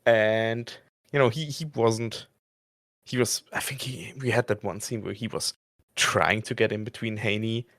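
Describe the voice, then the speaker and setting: Low-voiced man, halting and restarting. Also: steady tone, a bit bright, dry recording, clean studio sound. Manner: halting, restarts often, laughs between thoughts. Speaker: podcast regular, player. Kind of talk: casual podcast chat.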